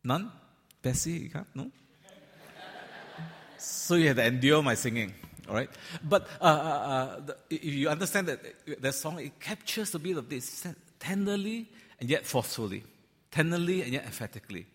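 A man preaching a sermon to a large congregation, talking in a loose, conversational way with frequent fillers and gentle teasing. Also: on the high side, normal speed, husky. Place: large church hall. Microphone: handheld or stand microphone. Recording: long hall reverb.

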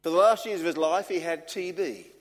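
A man preaching a sermon, earnest and measured, driving his points home with repetition. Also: a little high. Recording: long hall reverb.

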